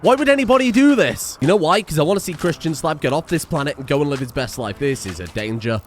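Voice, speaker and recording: Animated man cursing through gameplay. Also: fairly high pitch, quick pace, slight background noise. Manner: animated, exasperated, swears often, talks to game characters. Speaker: gaming video creator. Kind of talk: let's-play game commentary.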